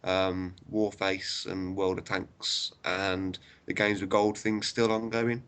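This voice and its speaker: A man's voice: deep voice, flat delivery, slow, a bit bright, clear, resonant tone. A man co-hosting a gaming podcast, laid-back and laughing easily in casual chat. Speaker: podcast co-host.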